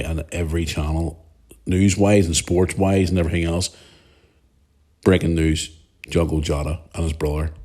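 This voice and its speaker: A man's voice: low-pitched, a little mellow. A man, hosting a podcast in a rambling, emotional monologue that swears freely. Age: 40s. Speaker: podcast host. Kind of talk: casual monologue.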